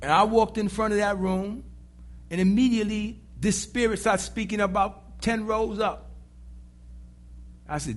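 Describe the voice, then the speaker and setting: A man preaching a sermon in an animated, dramatic way, with sudden shouts and voices acted out. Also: high voice, measured pace, pauses often.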